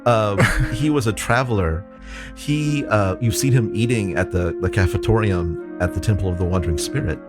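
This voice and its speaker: A man narrating as dungeon master of a tabletop game, animated and often laughing. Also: on the low side, moderate pace, over loud music.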